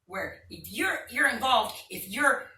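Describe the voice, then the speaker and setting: A woman's voice: on the high side, animated, measured pace, pushed and bright, echoey room, recorded from a distance. A woman performing a stand-up comedy routine, telling a story with acted-out voices and sound effects.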